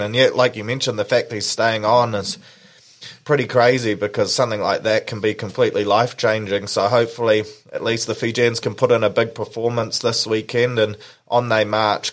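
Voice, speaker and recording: A man co-hosting a sports podcast, chatting with enthusiasm. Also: lowish voice. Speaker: podcast co-host. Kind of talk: casual sports chat.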